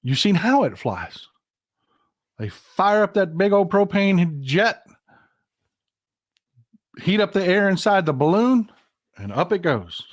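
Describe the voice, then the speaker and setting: A man's voice: sits high, sing-song, slow pace, long pauses, no room sound, studio quality. Middle-aged man, livestream host, folksy and hot-tempered, slightly raised voice. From Texas. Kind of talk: casual political livestream talk.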